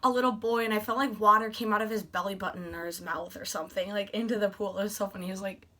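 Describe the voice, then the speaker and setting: A woman's voice: mid-range voice, fast talker. A young woman vlogger telling a story in a casual, gushing way, acting out what she and her friends said. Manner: excited, gushing, acts out quoted dialogue.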